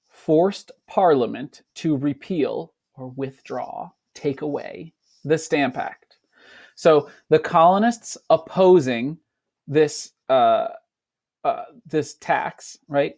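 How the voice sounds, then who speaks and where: A man teaching a fourth-grade class, reading a passage aloud and explaining it, slipping into quick playful voices for the people in it. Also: a little high, vocal fry, darkish tone. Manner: breaks into quick, playful voices for kids and colonists.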